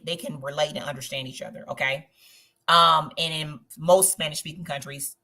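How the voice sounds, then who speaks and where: A woman hosting a casual livestream, chatty and animated as she talks straight to her viewers. Her voice sits a little low and comes across bright and forceful. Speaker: host of a live travel stream.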